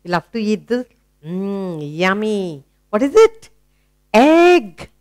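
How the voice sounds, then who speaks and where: A woman with an Indian English accent teaching children phonics, asking questions, praising and sounding out letters slowly. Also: a little high, very animated, a little mellow, no room sound. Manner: asks questions and praises the listener.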